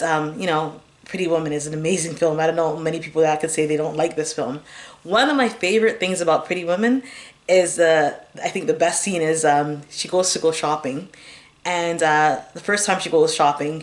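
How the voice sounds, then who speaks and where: A woman with a low voice talks through her favorite films in a loose, unscripted way. She rambles, fills the gaps with "um" and "you know", and giggles now and then. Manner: rambling, chatty, lots of fillers and giggles. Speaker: movie reviewer. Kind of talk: casual chat.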